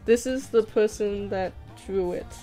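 A woman's voice: mid-range voice, unhurried, mellow, poor audio. A young woman chatting casually on a livestream while drawing, reading chat aloud, giggling and swearing now and then. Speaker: streamer. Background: background music.

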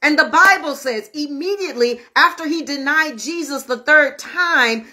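A woman's voice: sits high, moderate pace, few pauses, bright, forceful tone. A woman minister preaching an online sermon, emphatic and repetitive, speaking straight to her viewers. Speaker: minister and host of an online prayer show.

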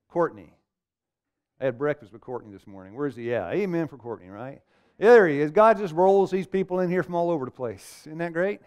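A man's voice: high-pitched, animated, quick pace, clean tone. A middle-aged man preaching a seminar sermon to a live audience, firing questions at them and calling for amens. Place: meeting room with a live audience.

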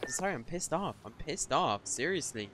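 A man's voice: fairly high pitch, animated, normal speed, background noise. Irritated, swearing young man gaming. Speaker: gaming streamer. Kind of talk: frustrated gameplay commentary.

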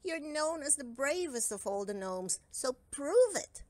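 A woman's voice: on the high side, very animated, slow, no room sound, pitched above the performer's own voice, heavily acted. A woman reading aloud and voicing a brave but easily startled male gnome who exclaims and moans, with faint music behind.

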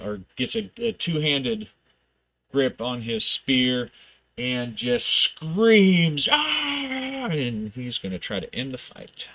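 A man's voice: mid-range voice, a bit bright, lo-fi sound. A man thinking aloud as he plays a solo tabletop game, reading rules aloud and narrating the action in bursts.

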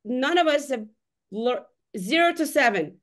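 A woman hosting a casual podcast chat, English not her first language, telling stories in an animated way and swearing freely. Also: sits high, unhurried. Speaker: host.

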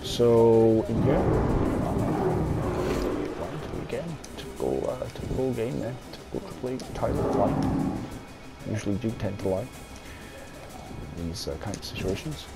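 A man's voice: on the low side, moderate pace, gravelly, pauses often, over loud music. A young man giving gameplay commentary, irritable and swearing, muttering to himself as he plays. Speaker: gamer.

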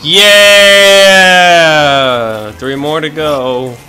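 Man, gaming commentary, profane, excitable, slow-paced, sharp bright voice. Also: medium pitch, poor audio. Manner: excitable, profane, swings between shouting and muttering. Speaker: let's play gamer.

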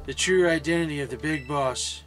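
A guarded young woman who leads a rebel team, voiced by a man reading aloud. The slightly raised voice stays plain and steady, with game music faint in the background. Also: on the high side, normal speed, close to an everyday voice. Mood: sincere. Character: secretive young female team leader.

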